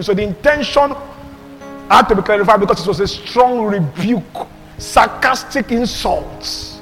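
A male pastor preaching a sermon and reading scripture, with emphatic delivery that swings between loud and hushed. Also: high voice, a little slow. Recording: long hall reverb with faint music.

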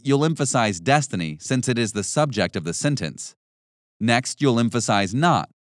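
A man reading an instructional audiobook in a measured, instructive manner with deliberate emphasis. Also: medium pitch, no echo, studio quality. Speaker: narrator. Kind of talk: scripted audiobook narration.

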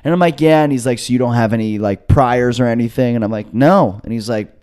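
A man's voice: moderate pace, pauses often. A young man in his twenties, a podcast co-host, telling a story casually, swearing and acting out quotes. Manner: animated, swearing, acts out quotes with jumps in pitch.

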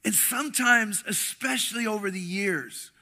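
A middle-aged male pastor preaching a sermon, telling stories with animated, shouted bursts. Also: high-pitched, moderate pace. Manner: animated storytelling, acts out voices with rising shouts.

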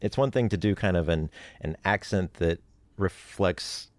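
Deep-voiced laid-back man. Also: unhurried, no echo. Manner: laid-back, chuckles often, repeats words when starting. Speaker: voice actor. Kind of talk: casual interview chat.

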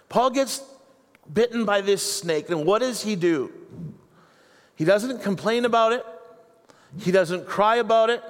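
A man preaching a sermon with a fairly high voice. He talks in a chatty, humorous way and acts out the voices he quotes. His words ring out with a long reverb, as in a church hall. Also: clean tone. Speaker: pastor.

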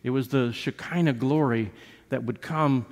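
A man's voice: medium pitch, normal speed, a little mellow. A man preaching a sermon as pastor, talking in a conversational way with frequent restarts and acting out quoted lines. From United States. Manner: acts out quoted lines with rises and drops in voice. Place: church sanctuary. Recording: long reverb of a church sanctuary.

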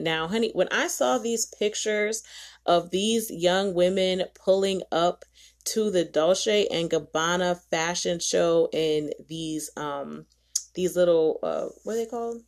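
A woman hosting a podcast, chatting casually and with strong opinions. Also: fairly low pitch. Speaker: podcast host. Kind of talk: casual chat.

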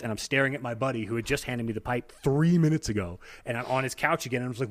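A young man chatting casually on a podcast, telling stories with animation and dropping low and hushed at the intense moments. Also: rapid-fire, hardly any pauses.

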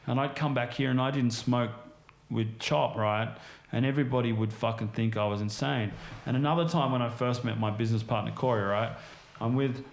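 A man's voice: on the low side, gravelly, a little hiss or hum. A man, a podcast guest, telling stories casually in a rambling way, swearing constantly and filling his speech with "like" and "right?". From Australia. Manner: rambling, heavily profane storytelling full of fillers. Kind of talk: casual chat, storytelling. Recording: roomy echo.

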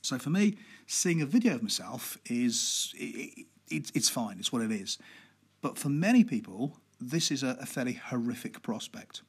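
A man with a husky, slightly breathy voice talks through a podcast on public speaking. He stays relaxed and conversational, dropping in fillers and keeping the pace deliberately slow. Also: medium pitch. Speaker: podcast host.

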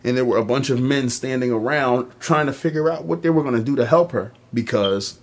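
A man's voice: mid-range voice, brisk. A young man, telling a long story on a casual podcast, with many ums and acted-out voices for the people in it. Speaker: podcast co-host.

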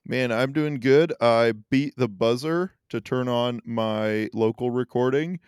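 Brief: male podcast co-host, chatty rambling storyteller, crisp clear voice, dry close sound. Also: mid-range voice, unhurried, darkish tone, dry recording. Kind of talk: casual podcast chat.

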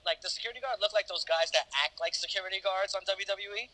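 A man's voice: high voice, fast talker. A man telling a story casually over a phone call, laughing as he goes. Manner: laughing, animated retelling with quoted voices. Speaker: podcast guest. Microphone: phone on speaker.

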